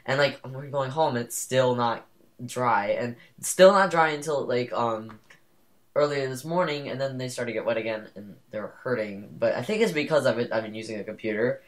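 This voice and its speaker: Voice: mid-range voice, normal speed. Young podcast co-host, rambling and sassy. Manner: rambling, sassy storytelling with many fillers. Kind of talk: casual chat.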